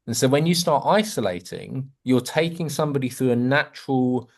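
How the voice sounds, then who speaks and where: A man's voice: medium pitch, normal speed, gravelly. Guy teaching sales on a video call, acts out both sides, voice jumps around a lot. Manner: lively, acts out sales dialogue in varied voices. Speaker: sales coach and host.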